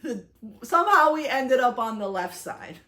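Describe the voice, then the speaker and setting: A young woman vlogger casually retelling her day, chatty and animated, with lots of fillers and self-conscious restarts. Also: high-pitched, normal speed. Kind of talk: casual storytelling recap.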